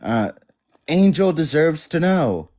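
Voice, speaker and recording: A man speaking as a guest on a livestream, indignant but measured. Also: fairly high pitch, very animated, a little mellow. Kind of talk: heated livestream discussion.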